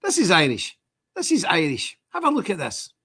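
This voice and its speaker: A man's voice: sits high, normal speed, over music. A middle-aged man, hosting a live stream with scornful, impassioned commentary. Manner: scornful, ranting, animated.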